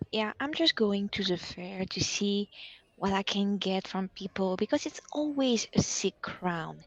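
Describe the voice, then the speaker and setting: A woman's voice: mid-range voice, muffled recording. A woman player introducing her tabletop game character, hesitant and unsure.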